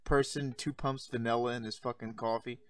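A man's voice: mid-range voice, fairly even intonation, a little fast, no room sound. Incredulous man, far from the mic. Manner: incredulous, swearing, bursts of loud laughter. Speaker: podcast co-host. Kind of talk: casual comedic banter. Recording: distant mic with faint noise.

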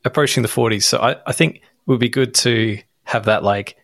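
A man's voice: medium pitch, fairly quick, vocal fry, a bit bright, no room sound, clean studio sound. A man in his late thirties co-hosting a podcast, chatting casually and bluntly, swearing offhandedly. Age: 30s. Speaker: podcast co-host. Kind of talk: casual chat.

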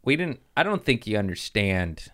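A comedian hosting a podcast, chatting casually with lots of swearing and jumping into high squeaky voices when quoting kids. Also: male voice, moderate pace. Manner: animated, swearing, acts out voices in quotes. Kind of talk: casual chat.

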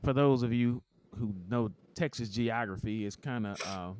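A man co-hosting a podcast in casual chat, teasing the others and jumping high in pitch when he laughs. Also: moderate pace, a little mellow, smooth. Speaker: podcast co-host. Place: somewhere warm, at home.

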